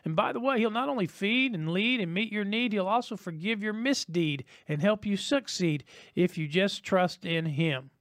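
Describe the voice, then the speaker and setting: A man's voice: high voice, lively intonation, normal speed, dry recording, clean studio sound. A man preaching a sermon as pastor, emphatic and rhythmic, repeating his key lines.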